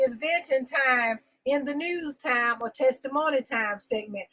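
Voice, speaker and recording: A woman's voice: sits high, measured pace, fairly bright tone, low-quality recording. A woman hosting a live talk show segment, venting emotionally, repeating herself for emphasis and greeting viewers by name. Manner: emotional and insistent, repeating phrases. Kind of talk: live-stream venting monologue.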